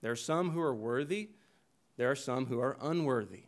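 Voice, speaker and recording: A man preaches a sermon in a mid-pitched voice, explaining the text verse by verse. He drives his points home by repeating phrases, and he often restarts a sentence partway through. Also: moderate pace. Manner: earnest expository preaching with emphatic repetition. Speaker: pastor.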